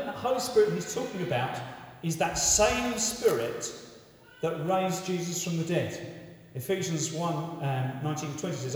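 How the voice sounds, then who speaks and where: A man preaching a sermon in a conversational, animated way, often repeating words as he restarts. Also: fairly high pitch. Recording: echoey hall from far off.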